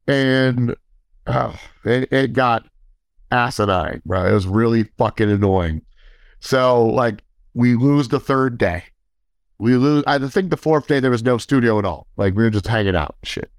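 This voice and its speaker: A man's voice: mid-range voice, moderate pace, no room sound. A man in a medium voice tells a rambling, profanity-laced anecdote in a loose, casual way. He keeps slipping into quoted dialogue and chuckling at his own tale. The sound is dry and close, with little room around it. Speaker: storyteller. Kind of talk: casual storytelling.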